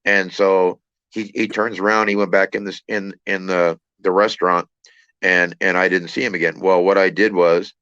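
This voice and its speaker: A man telling a personal story in a casual, halting way, repeating words and using many fillers. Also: deep voice, little pitch movement, a bit bright, clear, resonant tone, no room sound, muffled recording. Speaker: trucker channel host.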